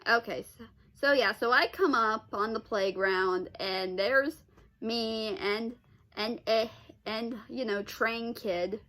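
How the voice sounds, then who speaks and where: Woman, vlogger, high-pitched, bright and sharp, casual rambling storytelling, exasperated sighs. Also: slow. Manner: rambling with many restarts and exasperated sighs and "ugh"s.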